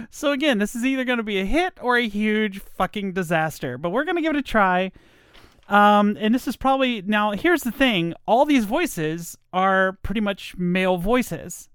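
A woman's voice: medium pitch, expressive, measured pace, smooth, no echo, studio quality. A middle-aged woman from Virginia hosting a podcast, chatting casually in a self-deprecating, rambling way. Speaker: podcast host, former radio voiceover artist. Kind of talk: casual chat.

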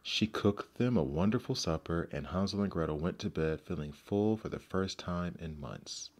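Deep-voiced male storybook narrator. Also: moderate pace.

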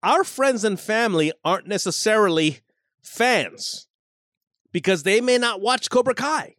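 Lively, animated male podcast co-host. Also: high-pitched, a little slow, dry recording, clean studio sound. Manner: lively, agreeable, laughs while talking. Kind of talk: casual podcast chat.

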